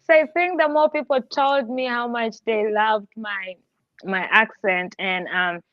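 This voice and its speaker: A woman's voice: medium pitch, steady tone, takes it slowly, dry recording, highs cut off. A woman with a mixed accent talks bluntly on a podcast panel and swears freely. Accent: mixed international accent. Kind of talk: casual panel chat.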